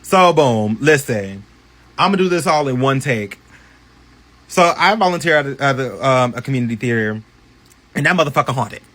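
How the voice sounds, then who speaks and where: A man telling a personal story in a casual storytime vlog, animated and profane, with many chatty asides. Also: mid-range voice, normal speed.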